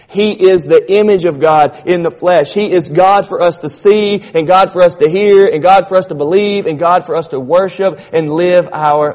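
A man's voice: on the high side, darkish tone. A man preaching a sermon to his congregation, his emphasis building as he addresses them directly. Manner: preaching with rising emphasis, calls the congregation "church". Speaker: pastor. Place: church sanctuary. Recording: long church reverb.

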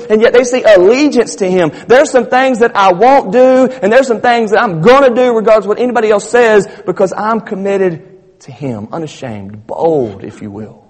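A man preaching a sermon in an emphatic, repetitive, conversational style. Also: high-pitched. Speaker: pastor. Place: church sanctuary. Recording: reverberant church hall.

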